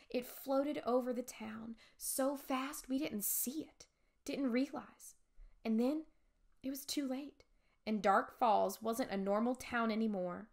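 A woman teacher reading a chapter book aloud for her class, expressive with dramatic whispers. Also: fairly high pitch, vocal fry. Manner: expressive, voices characters, frequent dramatic whispers.

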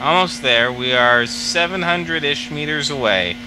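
A man's voice: on the high side, lively intonation, moderate pace, background noise. Joking man gaming. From Canada. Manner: joking, teasing. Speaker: let's play co-host. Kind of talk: casual gameplay chat.

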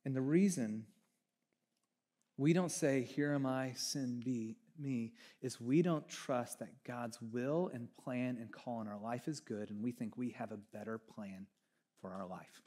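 A man preaching a sermon as pastor, talking conversationally, moving between hushed reflection and fervent emphasis, with casual asides to the congregation. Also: medium pitch, unhurried. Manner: casual asides with audience check-ins.

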